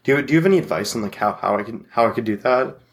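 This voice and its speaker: A man's voice: medium pitch, lively intonation, very fast, a little hiss or hum. A man with a mid-range voice hosts a casual podcast conversation. He asks his questions hesitantly, stumbling over and repeating his words before he gets them out. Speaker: podcast host. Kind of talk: casual interview chat.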